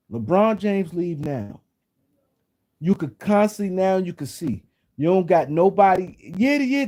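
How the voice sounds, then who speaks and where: A man streams casual sports talk, his voice a touch high but warm and mellow. He rambles and circles back to his points again and again. Now and then he breaks off to speak to viewers in the chat. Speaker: sports talk show host. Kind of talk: casual live-stream commentary.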